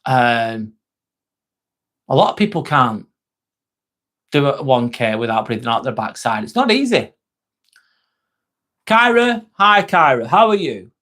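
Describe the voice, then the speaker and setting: Reading viewers' messages on a casual livestream, this man answers them directly in a chatty, jokey way, swearing as he goes. His medium-pitched, slightly bright voice has lively intonation and a measured pace with frequent pauses.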